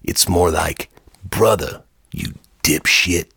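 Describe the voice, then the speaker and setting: A man voicing a tough, mocking Italian pool hustler with a slow, taunting drawl. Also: low voice, creaky, bright, forceful tone, breathy edge, dry recording, studio quality, full character voice. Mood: amused.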